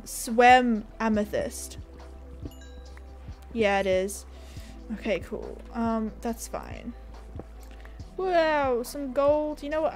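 A woman streamer talking casually to her live chat while she plays, giggling often. Her voice sits high and bounces up and down a lot, and she talks at a slow, easy pace. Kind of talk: casual gaming livestream chat.

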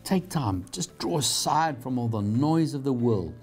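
A man's voice: mid-range voice, animated, a little slow, darkish tone, faint music behind. Earnest male Bible teacher, conversational. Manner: earnest, encouraging, conversational preaching. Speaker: Bible teacher and program host. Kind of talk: televised teaching sermon.

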